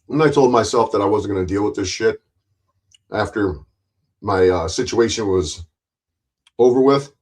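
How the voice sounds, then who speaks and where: A man's voice: fairly low pitch, normal speed, pauses often, a little mellow. A man streaming an angry ranting monologue, blunt and full of swearing, repeating himself with frequent restarts and mocking other people's voices.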